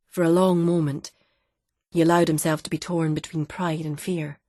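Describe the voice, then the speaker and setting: This audiobook narrator, a woman with a low voice, reads a novel aloud from a script in calm, even storytelling fashion. The studio sound is clean, with no echo.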